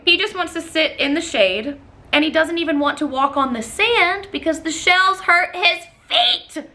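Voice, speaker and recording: Woman, high bright voice, animated profane storytime vlogger. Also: moderate pace, slight background noise. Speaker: vlogger telling a dating story. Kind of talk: storytime vlog.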